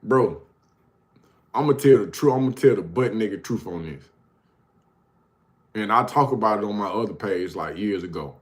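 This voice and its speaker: A man's voice: lowish voice, expressive, moderate pace, pauses often. A man hosting his own show, telling stories casually, often laughing and calling the listener bro. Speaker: host. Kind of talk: casual storytelling.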